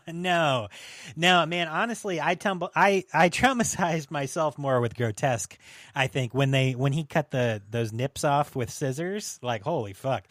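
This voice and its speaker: A man's voice: on the high side, measured pace, a bit bright, dry recording, clean studio sound. A young man hosting a casual podcast, talking loosely and laughing often, with a lot of swearing. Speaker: podcast host.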